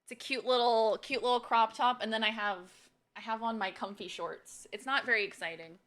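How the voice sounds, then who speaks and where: Woman streamer, chatty and playful, bright forward voice, slightly higher pitch, greets chat by name. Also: fairly even intonation, fairly quick. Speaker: gaming streamer. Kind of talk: casual live-stream chat.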